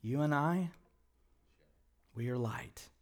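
A male pastor preaching a sermon in a church, moving from quiet, low passages to loud, emphatic ones. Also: slow. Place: church sanctuary.

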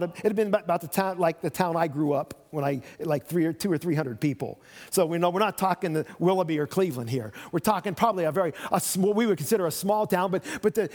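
A pastor with a high-pitched, somewhat dark voice preaches a sermon, telling a Bible story and voicing the biblical figures in it. The long echo of a church hall surrounds his words.

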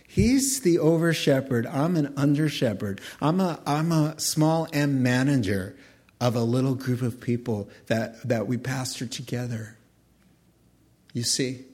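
Male pastor, sermon; husky, mid-pitched, animated storyteller. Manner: animated storytelling preacher, acting out scenes.

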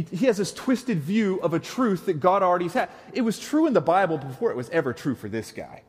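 Animated preacher in a reverberant hall. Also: male voice, sits high, slightly rough. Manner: animated, playful asides and mimicked voices. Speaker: pastor. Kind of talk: sermon.

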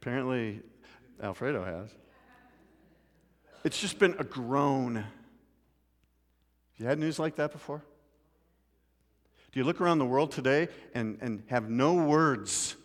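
A man's voice: lively intonation, a little slow, pauses often. Preaching man in a reverberant hall. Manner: storytelling, swings from loud urgent pleading to quiet low asides. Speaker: pastor. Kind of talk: sermon. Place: church sanctuary.

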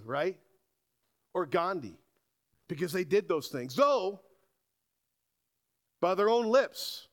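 A man preaching a sermon to a congregation, animated and asking rhetorical questions. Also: high-pitched. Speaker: pastor.

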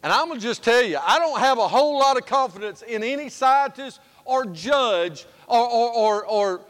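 A man preaching a sermon as pastor, folksy and humorous, moving between loud and hushed passages. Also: extremely high pitch, expressive, normal speed. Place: church sanctuary. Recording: long reverb of a church sanctuary.

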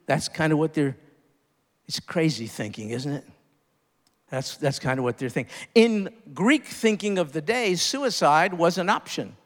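A man preaching a sermon as pastor, building to strong emphasis and then dropping low and soft on key words. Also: lively intonation, measured pace. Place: church sanctuary. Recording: long reverb of a church hall.

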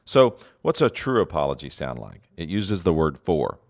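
A man's voice: very deep voice, big pitch swings, moderate pace, gravelly. A man giving a teaching talk on leadership, earnest and full of fillers and restarts, acting out example phrases.

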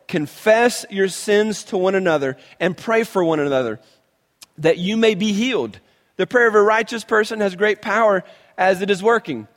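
A male pastor preaching a sermon in an animated, conversational way, often restarting his phrases. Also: high-pitched, long reverb tail.

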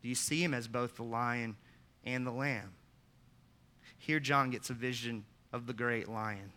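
A man, the pastor, preaching a sermon with earnest emphasis, putting direct questions to the congregation and rising to loud, emphatic peaks. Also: mid-range voice, steady tone, a little slow. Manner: asks the listeners direct questions.

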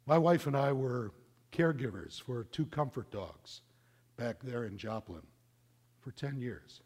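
A middle-aged man preaching a sermon, telling a story in an animated, conversational way. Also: medium pitch, a little slow, breathy edge. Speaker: pastor.

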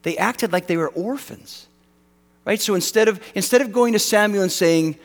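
A man preaches with an animated, self-deprecating delivery, acting out the voices of those he quotes. His voice sits a little high for a man. It rings with the long reverb of a large hall. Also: moderate pace. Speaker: pastor. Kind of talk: sermon.

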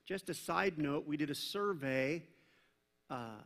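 A male pastor preaching a sermon in a conversational, animated way, with casual asides to the congregation. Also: on the high side, slow, creaky. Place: church sanctuary. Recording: reverberant church hall.

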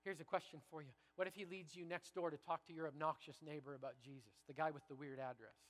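A man from Canada preaching a sermon, moving from quiet reflection to loud, rousing repetition before his congregation. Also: fairly high pitch, fairly even intonation, fast talker, in a large hall. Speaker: pastor.

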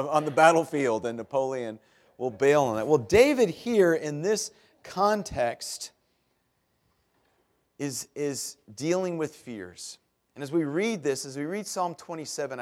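A middle-aged man preaching a sermon as pastor, telling stories in a chatty way with self-deprecating humor that grows animated at the punchlines. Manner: animated, rises in pitch and volume at punchlines.

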